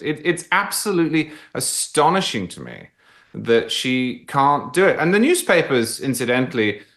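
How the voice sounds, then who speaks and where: A man who is a guest commentator on a political talk show, arguing in an articulate, emphatic, measured way. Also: mid-range voice, a bit bright.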